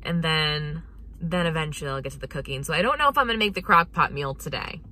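A woman's voice: expressive, fast talker, pushed and bright. A young woman vlogging casually, gushing to her viewers and her new puppy, sometimes in a cooing puppy voice. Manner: switches to a high puppy voice. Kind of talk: casual vlog chat.

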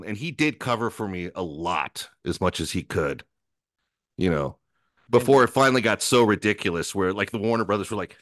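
A man's voice: fairly low pitch, a little fast, dry recording, clean studio sound. A man as a podcast guest, telling an anecdote in a rambling, profane way and acting out the other people in it. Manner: animated storyteller who acts out other people's lines; profane, rambling, self-interrupting.

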